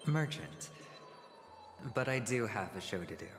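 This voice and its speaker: A man voicing a suave, confident merchant with a smooth, amused manner, in game dialogue with clear background noise. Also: fairly low pitch, big pitch swings, unhurried. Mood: assured.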